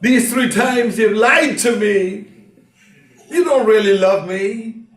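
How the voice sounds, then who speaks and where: A man's voice: a little high, big pitch swings, a little slow, voice pushed up. A man voicing a coaxing, sweet-talking biblical woman in a sermon, recorded from a distance in a roomy hall. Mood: reproachful. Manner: sweet-talking, then pleading and accusing. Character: coaxing wheedling biblical temptress, adult woman.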